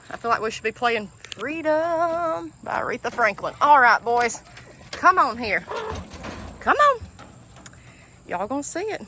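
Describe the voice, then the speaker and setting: A woman's voice: fairly high pitch, a bit bright, a little hiss or hum. A woman with a Southern US accent from Alabama, chatting emotionally to viewers while walking outdoors through her garden. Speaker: homestead vlogger. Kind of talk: casual vlog, walking tour of garden. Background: chickens and ducks, outdoor ambience.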